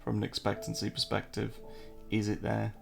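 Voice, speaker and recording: A man's voice: lowish voice, monotone, moderate pace, creaky, faint music behind. An English man hosting a casual live-stream, joking, answering viewer chat and walking through trading charts. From England.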